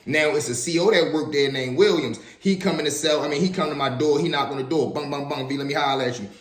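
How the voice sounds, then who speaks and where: Animated young man telling stories. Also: a little high, fast. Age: 20s. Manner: slangy, animated, frequent asides to listeners. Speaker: storyteller. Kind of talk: casual storytelling vlog. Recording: echoey room.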